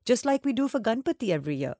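A woman voicing a young schoolgirl in a storybook reading, speaking high and pleading. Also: very animated, rapid-fire, warm tone, dry recording, clean studio sound. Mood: eager, tearful. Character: young girl, upset and eager.

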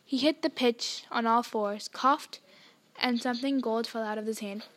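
A woman reading a novel aloud as a podcast host, in a plain, slightly halting manner with small slips. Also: fairly high pitch, steady tone, a bit bright. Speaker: audiobook reader, podcast host.

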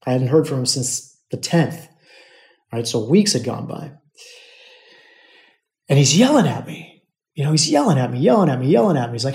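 A male podcast host tells a personal story in a loose, conversational monologue. His voice is mellow and dark, at an ordinary pitch for a man. He circles back with repeated phrases and speaks to his listeners as brothers. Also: lively intonation, a little fast.

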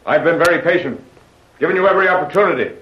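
A man's voice: fairly high pitch, very fast, roomy sound, natural voice. An actor playing a scheming, impatient villain who threatens his henchman coldly, in 1940s radio acting. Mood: menacing. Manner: cold, threatening. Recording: muffled old radio transcription.

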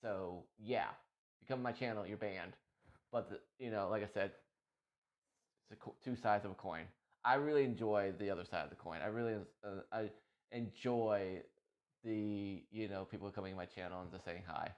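Man, lowish voice, emotional rambling podcast talk, lo-fi sound. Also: normal speed. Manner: emotional, rambling, many restarts. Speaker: streamer and podcast host. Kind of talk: casual monologue.

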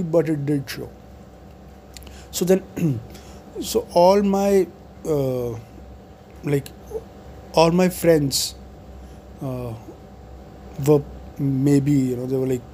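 A man's voice: a little high, takes it slowly, pauses often, dark tone, slight background noise. A man in his forties, talking to camera in a meandering monologue full of fillers and restarts. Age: 40s. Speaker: video blogger.

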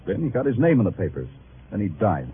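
A man's voice: fairly low pitch, sing-song, fast, a little hiss or hum. A man playing a hard-boiled, wry detective who narrates his own case in 1940s radio acting. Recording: tinny old radio broadcast with music.

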